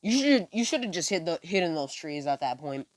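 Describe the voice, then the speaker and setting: A man's voice: on the high side, sing-song, fairly quick, no room sound. A man voicing a boastful young male ninja who lectures his foes in casual, mocking slang. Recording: dry close phone mic.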